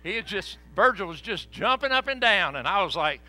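A middle-aged man preaches to his congregation with folksy stories and laughing asides. His voice sits high and swings widely, with a bright, forceful edge. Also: lively intonation, moderate pace, hardly any pauses, no room sound, faint music behind. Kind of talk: storytelling sermon. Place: church sanctuary.

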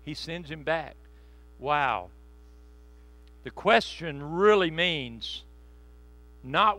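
A man preaching a sermon in a conversational, joking way, slowing down to stress key phrases. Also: on the high side, lively intonation, sharp tone, dry recording. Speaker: pastor.

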